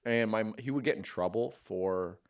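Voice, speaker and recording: A man, a comedian, chatting casually on a podcast and telling stories with lively acted-out quotes. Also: fairly low pitch, moderate pace. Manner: animated, acts out quotes with sudden loud outbursts. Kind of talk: casual storytelling chat.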